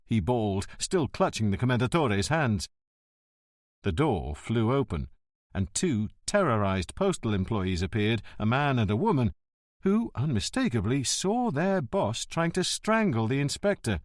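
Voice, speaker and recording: Man narrating with a lively, wry voice. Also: medium pitch, no room sound, clean studio sound. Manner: wry, expressive storytelling. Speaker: audiobook narrator. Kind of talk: scripted narration.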